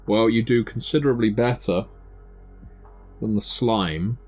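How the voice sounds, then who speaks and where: A man narrating a tabletop game as game master, describing scenes in a measured way with occasional fillers. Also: lowish voice, a little mellow, soft background music.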